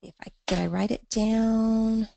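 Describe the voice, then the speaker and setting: A woman's voice: a little high, fairly even intonation, a little slow, creaky, noisy background. A woman teaching a poetry lesson in an online class, thinking aloud with fillers and reading verse in a rhythmic beat. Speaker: literature teacher.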